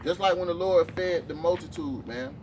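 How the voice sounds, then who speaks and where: Guy preaching out on the street, kinda high voice, way off the mic with traffic roaring. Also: moderate pace. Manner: emphatic, ends phrases with "man". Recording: distant mic with loud street noise.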